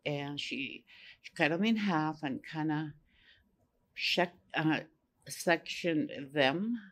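An older woman whose first language is Cree tells a personal story as an elder on a panel. She speaks gently and unhurriedly and often repeats phrases. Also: deep voice, takes it slowly. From Saskatchewan, Canada.

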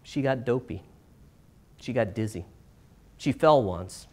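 A middle-aged man performs a personal story for a live audience. His delivery swings between brighter, lifted passages and quiet, slowed moments. He leans on dramatic pauses. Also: medium pitch, lively intonation. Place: stage in a small performance space.

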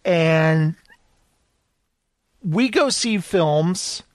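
A man with a high, very lively voice chats on a podcast, acting out the people in his stories as he goes. The sound is dry and close, with no room around it. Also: extremely slow, dry recording. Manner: animated storyteller, acts out quoted voices. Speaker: podcast co-host. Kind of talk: casual chat.

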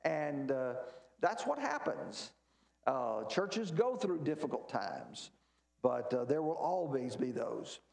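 A man's voice: medium pitch, very animated, slow pace, creaky, darkish tone, echoey room. A man teaching a church Bible class, emphatic, asking questions and answering them himself. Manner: emphatic, asks and answers his own questions.

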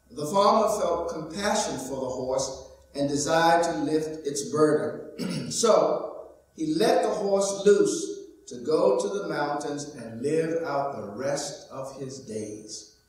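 A male pastor preaching a sermon, telling a story in a measured, slow way. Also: fairly high pitch, a little mellow, very echoey, recorded from a distance, a little hiss or hum, poor audio. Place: church sanctuary.

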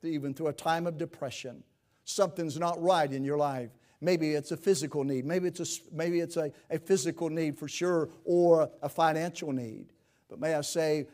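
A man pastor preaching a sermon in a church, rising to loud emphatic peaks and dropping to quiet pleading, with old scripture phrasing. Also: a little high.

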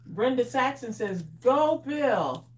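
A woman co-hosting a live crafting stream, reading viewer comments aloud with quick teasing banter and frequent laughs. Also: fairly high pitch, animated, poor audio.

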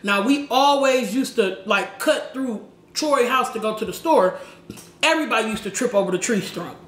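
A woman vlogger telling a slangy, animated story while eating, with shouted sound effects. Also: fairly high pitch, moderate pace. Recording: echoey room with faint background noise.

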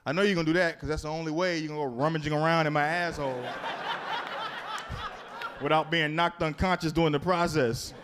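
High-voiced profane stand-up comedian. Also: male voice. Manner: profane, animated storytelling with crowd work. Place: comedy club.

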